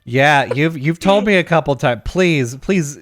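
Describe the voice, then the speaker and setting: A man co-hosting a podcast in casual chat, joking and reacting quickly. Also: fairly high pitch, lively intonation. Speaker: podcast co-host.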